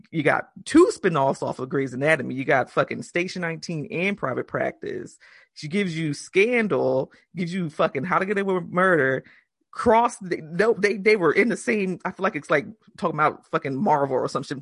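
A woman co-hosting a podcast, chatting casually and telling stories in an animated, profane way, acting out the quotes. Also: mid-range voice, no echo, studio quality. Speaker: podcast co-host. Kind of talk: casual chat.

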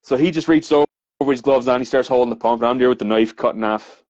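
With a medium pitch and quick pace, a man from Newfoundland, Canada tells laughing, swearing stories about his plumbing work in casual podcast conversation, speaking Newfoundland English. He's animated and uses lots of fillers, and the podcast audio is dry and a little dull.

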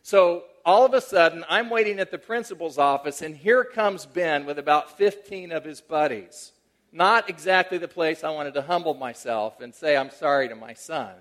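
A middle-aged male pastor preaching a sermon, telling a personal story in a conversational way that swings from animated emphasis to a hushed, tender tone. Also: on the high side, moderate pace.

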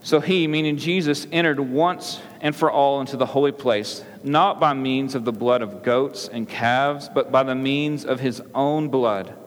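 A man's voice: mid-range voice, a little slow, hardly any pauses. Man preaching in a reverberant hall. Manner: conversational preaching, frequent "right?" asides. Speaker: pastor. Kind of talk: sermon.

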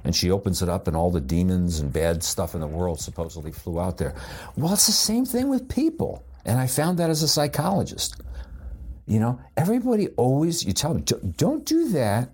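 A man's voice: on the low side, brisk, slightly rough. An older man who is a psychologist, telling a rambling personal anecdote with amused energy and many restarts. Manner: rambling, with frequent restarts and filler; amused, lively retelling.

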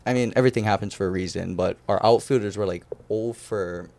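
Animated young male storyteller. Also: on the low side, fast, gravelly. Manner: animated, acts out quoted voices. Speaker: podcast guest. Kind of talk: casual storytelling chat.

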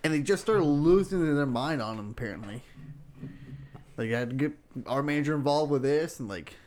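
A man's voice: a little high, expressive, fairly quick, darkish tone. A man on a casual podcast, rambling through a story about work. He keeps restarting his sentences. Faint hiss runs under the voice. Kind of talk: casual banter.

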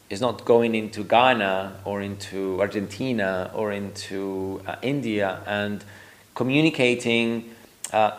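A man as a guest on a podcast, explaining his views thoughtfully and often checking in with a "right?". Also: on the low side. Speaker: guest expert. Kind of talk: podcast conversation.

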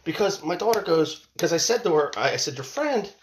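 Telling a family story, this man in his forties rambles emphatically, cursing and repeating himself in a casual monologue. He speaks a little fast in an animated voice on the high side, with slight background noise in the clip.

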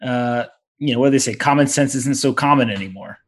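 A man hosting a podcast, speaking in a measured, hesitant way with restarts. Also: mid-range voice, slightly rough. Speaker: podcast host. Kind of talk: casual podcast chat.

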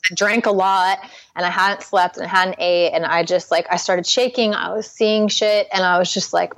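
A woman's voice: mid-range voice, moderate pace, gravelly, fairly bright tone, no room sound. A young adult woman, a Christian life coach, earnestly telling her personal recovery story as a podcast guest, full of "like" fillers.

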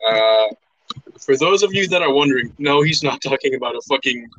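A man's voice: medium pitch, expressive, a little fast, fairly bright tone, dry recording, lo-fi sound. A young man co-hosting a podcast in casual chat, joking and swearing as he rambles with lots of fillers. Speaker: podcast co-host.

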